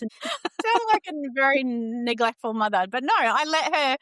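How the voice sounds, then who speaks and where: A middle-aged woman, hosting a podcast and chatting casually, telling stories with lively quoted voices. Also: high-pitched, moderate pace, dry recording, studio quality. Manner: chatty storyteller, animated quoting. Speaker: podcast host.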